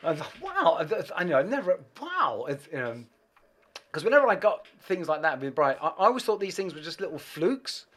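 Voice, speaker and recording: A man, a guest musician, telling anecdotes in an animated, self-deprecating way, with plenty of swearing. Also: fairly high pitch, quick pace. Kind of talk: anecdotal storytelling.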